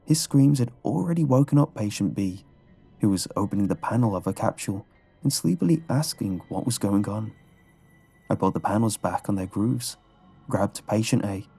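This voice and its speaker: A man giving scripted horror narration in a low, measured storytelling manner. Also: lively intonation, vocal fry, dark tone, husky. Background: faint background music.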